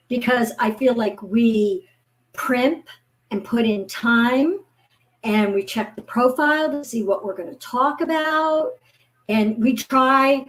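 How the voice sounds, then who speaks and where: A woman in her fifties, a guest author, chatting casually and telling lively stories, acting out the voices of people she quotes. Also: a little high. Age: 50s. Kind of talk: casual chat.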